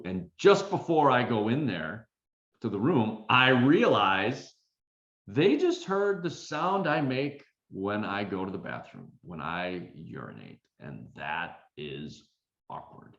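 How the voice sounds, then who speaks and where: Lower-voiced male coach telling a story. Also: a little slow. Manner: animated, self-deprecating, with many fillers. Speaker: confidence coach and keynote speaker. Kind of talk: storytelling talk. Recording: roomy, dull recording.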